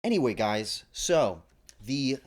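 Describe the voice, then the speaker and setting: A man ranting on his stream, exasperated and breaking into loud laughing yells. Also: mid-range voice, expressive, slow pace. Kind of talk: casual stream chat.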